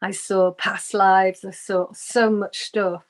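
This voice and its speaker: A woman's voice: medium pitch, flat delivery, slow. A woman, a guest on an interview show, earnestly telling a personal spiritual story and acting out the voices she quotes.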